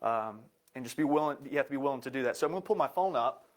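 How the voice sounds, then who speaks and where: A man's voice: medium pitch, lively intonation, racing. A man giving a live presentation in an upbeat, joking way.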